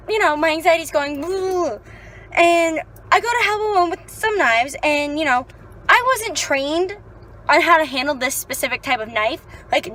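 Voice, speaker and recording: Young female vlogger, high and bright, casual and animated, with a foul mouth. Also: rough recording. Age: young adult. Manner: chatty, swears freely, animated storytelling. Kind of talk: casual vlog chat.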